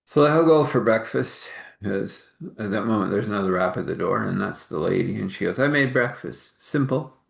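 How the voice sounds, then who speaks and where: A man with a low, gravelly voice spins a homespun tale, rambling along and filling pauses as he goes. The sound carries the ring of an echoey room around him. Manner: rambling, homespun, with many fillers. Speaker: storyteller. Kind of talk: casual spoken storytelling.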